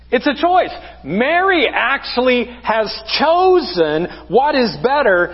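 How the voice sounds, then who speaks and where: A man's voice: high voice, big-room sound, lo-fi sound. A man preaching a conversational sermon as pastor, asking the congregation rhetorical questions. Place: church sanctuary.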